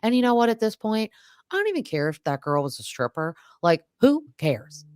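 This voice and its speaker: A woman's voice: a little high, wildly swooping pitch, quick pace, a little mellow, no echo, studio quality. A woman hosting a podcast, chatting casually and animatedly as she recaps a reality show and acts out quotes. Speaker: podcast host.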